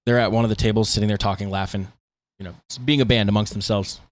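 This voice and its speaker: Fast-talking low-voiced man. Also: steady tone. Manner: fast, rambling storytelling with fillers. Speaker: podcast co-host, band guitarist. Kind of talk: casual chat.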